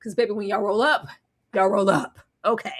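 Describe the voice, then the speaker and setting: A woman's voice: medium pitch, brisk. A woman co-hosting a casual live recap chat, telling the story with dramatic flair and acting out the people she quotes. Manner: animated, dramatic retelling with voiced quotes. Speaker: co-host.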